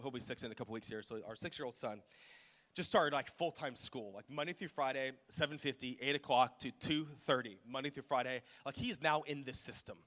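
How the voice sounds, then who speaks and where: A pastor in his thirties, with a mid-range voice and sharp tone, preaches a casual, joking sermon in a large church auditorium, often poking fun at himself. The recording has long hall reverb and faint music.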